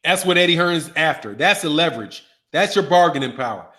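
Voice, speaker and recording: A man hosting a boxing commentary channel, talking in an animated, emphatic and slangy way. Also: on the high side, brisk. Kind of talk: casual commentary.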